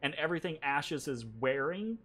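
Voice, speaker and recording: A man narrates a tabletop dungeon crawl as game master, his voice a little high and swinging widely in pitch. He talks loosely, piling on fillers and little asides, while soft music plays behind him. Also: moderate pace. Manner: casual, lively, with many fillers and laughs.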